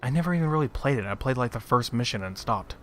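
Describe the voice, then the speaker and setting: A man's voice: mid-range voice, expressive, fast talker, soft background music. A man chatting casually on a gaming podcast, blunt and opinionated, laughing at his own points. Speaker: podcast co-host. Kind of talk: casual chat.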